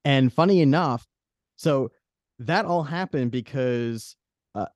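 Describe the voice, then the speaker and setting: A man's voice: mid-range voice, animated, slow pace, a little mellow, dry recording. A man hosting a podcast in casual chat, rambling with many restarts. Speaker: podcast host.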